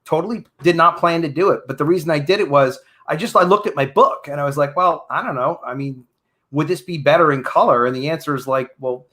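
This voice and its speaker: A man's voice: a little high, fast talker, fairly bright tone. A man, a comic book creator, chatting easygoingly on a remote livestream call, with many hesitant fillers. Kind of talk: casual chat.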